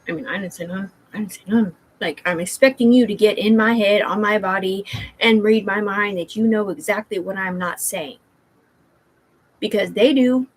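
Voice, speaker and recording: Woman vlogger, husky voice, home livestream, rambling and tangential. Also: mid-range voice, rough recording. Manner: rambling, tangential, with many fillers and restarts. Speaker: vlogger talking to viewers.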